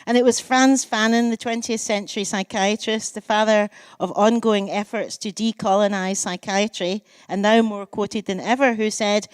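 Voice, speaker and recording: A woman's voice: mid-range voice, moderate pace, hardly any pauses, clear, resonant tone, dry recording. Scottish woman in her sixties lecturing. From Scotland. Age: 60s. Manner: lively storytelling, self-mocking asides, lists delivered with relish. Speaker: poet giving a public lecture. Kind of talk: public lecture with anecdotes and readings.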